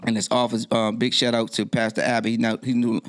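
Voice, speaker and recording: A middle-aged man, a guest DJ, telling a personal story in a podcast interview, his voice jumping high when he quotes himself. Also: completely flat delivery, quick pace.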